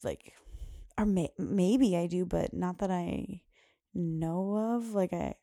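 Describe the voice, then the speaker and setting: A woman's voice: fairly low pitch, slow pace, creaky, mellow, no echo, clean studio sound. A young woman hosting a motherhood podcast, telling a story in a chatty way full of "like" and acted-out quotes. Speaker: podcast host. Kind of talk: casual storytelling chat.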